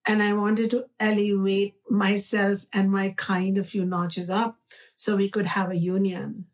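A woman with an Indian accent, an author being interviewed, speaking in a slow, reflective and earnest way. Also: mid-range voice, level tone, recorded from a distance. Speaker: author guest. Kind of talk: conversational interview.

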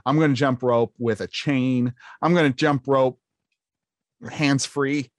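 A man's voice: mid-range voice, fairly even intonation, measured pace, no echo, clean studio sound. A young man co-hosting a podcast in playful, jokey casual chat. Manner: playful, jokey, slips into silly put-on voices. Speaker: podcast co-host.

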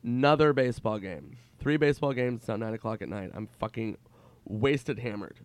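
Swearing, animated male comedian. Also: medium pitch, moderate pace, no room sound. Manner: animated storyteller, swears freely. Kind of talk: casual podcast storytelling.

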